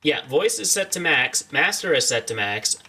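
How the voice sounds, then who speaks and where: A man's voice: a little high, sing-song, moderate pace, bright, forceful tone, breathy edge, soft background music. A young man streaming a video game, joking and rambling as he chats to his viewers in a casual way. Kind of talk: casual let's-play commentary.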